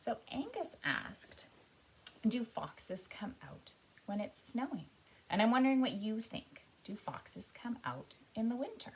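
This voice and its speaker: A woman leading an interactive storytime for young children, reading aloud and guiding actions, moving between loud calls and soft whispers. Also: a little high, expressive, unhurried, low-quality recording.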